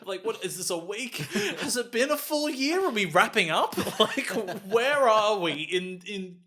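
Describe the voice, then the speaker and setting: A man's voice: sits high, animated, a little slow, sharp tone. A man co-hosting a podcast, chatting casually about a film with frequent laughter and acted-out quotes. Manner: giggly, acts out quoted lines. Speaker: podcast co-host. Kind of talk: casual comedic film chat.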